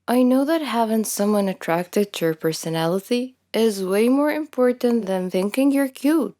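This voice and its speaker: Young woman narrator, mellow tone, fairly high voice, candid self-deprecating storytelling. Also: lively intonation, moderate pace. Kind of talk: scripted first-person story narration.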